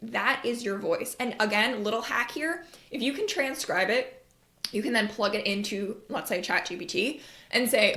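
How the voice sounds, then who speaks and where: Woman podcast host, kinda high voice, chatty and blunt, swears a bit, echoey room. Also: expressive, a little fast, fairly bright tone. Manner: candid and chatty, swears casually, acts out quoted voices. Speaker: podcast host, marketing coach. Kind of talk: casual advice podcast monologue.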